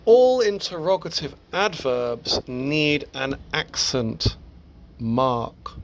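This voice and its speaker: A man with a slightly raised voice teaches Spanish grammar in a recorded lesson. He talks slowly and patiently, walking through each point with the odd small laugh. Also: a little high, lively intonation, a little hiss or hum.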